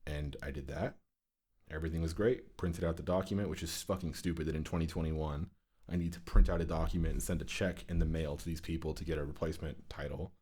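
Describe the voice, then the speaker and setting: A man's voice: a bass voice, fairly even intonation, fast talker, a little mellow, slightly rough. A young man on a podcast, ranting in casual chat with a lot of swearing and exasperation. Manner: ranting, profane, exasperated storytelling. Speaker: podcast co-host.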